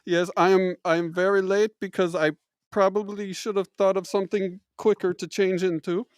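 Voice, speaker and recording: A man voicing a bumbling fake German male expert, with a put-on German accent that slips into Irish and halting, broken English. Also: high voice, level tone, no echo, clean studio sound, lightly acted. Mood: mock serious. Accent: put-on German accent, slipping into Irish. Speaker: show host in disguise.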